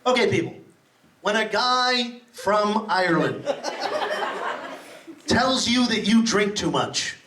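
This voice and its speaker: In a stand-up set at a comedy club, a Boston comic with a high, brash voice and lively intonation fires off profane material fast while playing to the crowd. Background noise is audible, and the sound is a distant, roomy club recording.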